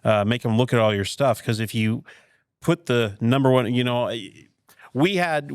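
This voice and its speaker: A man hosting a podcast, spinning retail stories in an animated way and checking in with a quick "right?" every few lines. His voice is mid-pitched for a man and sits close to the mic in a dry, dead room. It sounds like relaxed, opinionated shop talk. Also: clean tone, no room sound. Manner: animated storyteller, rhetorical "right?" asides. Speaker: podcast host and retail veteran. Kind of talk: casual podcast chat.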